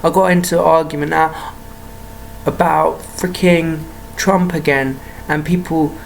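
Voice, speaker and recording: Brief: low, heated woman vlogger, swearing and repeating herself, faint hiss behind. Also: steady tone, unhurried, creaky. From United Kingdom. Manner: heated, profane, repetitive, rhetorical questions. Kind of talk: ranting monologue to camera.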